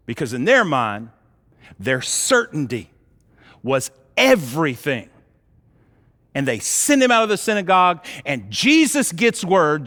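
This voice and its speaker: A man preaching a sermon as pastor, telling the story in an animated way with casual slang. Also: sits high. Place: church auditorium. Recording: long reverb of a large hall.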